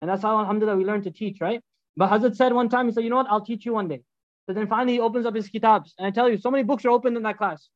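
A man giving a storytelling sermon as a religious teacher, animated and acting out the dialogues. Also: high voice, rapid-fire, no echo, muffled recording.

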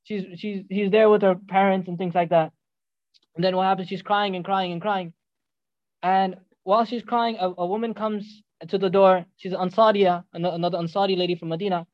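A high-pitched man speaks quickly in an animated sermon, moving through the story with joking asides to his listeners. The recording is dull and lo-fi, with a dry sound. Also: no echo. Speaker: preacher.

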